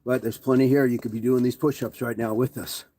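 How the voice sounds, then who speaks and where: A man's voice: medium pitch, level tone, brisk, dark tone. A man hosting a live workout stream, counting reps, reading chat and greeting viewers between sets, often out of breath and sighing. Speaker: fitness livestream host.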